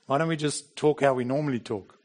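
A man's voice: medium pitch, brisk, darkish tone. A middle-aged man preaching a sermon in a plain, conversational way, with bursts of emphasis. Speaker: pastor.

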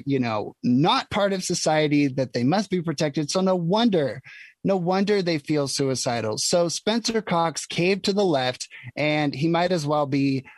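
A man's voice: on the high side, no room sound. A man from Utah giving an emphatic, indignant opinion monologue, full of ums and you-knows. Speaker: political commentator.

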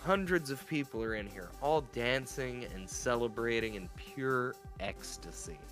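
A man narrating as game master of a tabletop role-playing game, in an animated, playful way. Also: mid-range voice, measured pace, soft background music.

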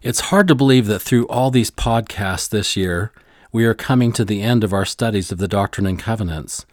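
A man's voice: fairly low pitch, normal speed, dry recording, clean studio sound. A middle-aged man co-hosting a podcast, telling a story in an earnest scripted narration. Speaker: podcast co-host.

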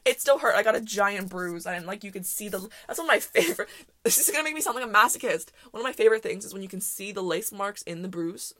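Woman, solo podcast host; chatty, self-correcting storyteller, mid pitch, dry recording. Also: expressive, fast, a bit bright, dry recording. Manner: rambling, self-correcting, laughs often.

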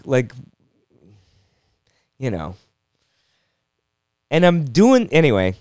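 A young man riffs through a loose, self-mocking comedy monologue, stumbling over restarts as he goes. His voice is smooth and clear, at an average pitch for a man. It sits dry and close to the mic. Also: lively intonation, a little slow, darkish tone, no room sound. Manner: rambling, self-deprecating, jokey with frequent restarts. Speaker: comedian and podcast host. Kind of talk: casual solo podcast monologue.

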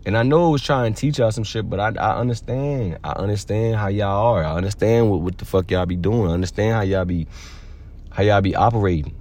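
Low-voiced man giving a loose slangy pep talk. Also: fairly quick, a little mellow. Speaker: podcast host. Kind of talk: casual motivational monologue.

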